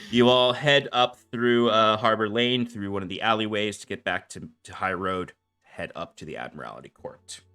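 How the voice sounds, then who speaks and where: A man with a fairly low voice runs a tabletop game, describing the scene in a loose, rambling way full of small hesitations. Faint music plays underneath. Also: normal speed, hardly any pauses, sharp tone, smooth. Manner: rambling, hesitant, laughs often. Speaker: game master.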